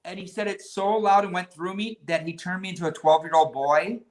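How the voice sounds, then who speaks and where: A magician guest telling a lively story in casual conversation, with many restarts. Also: male voice, sits high, brisk.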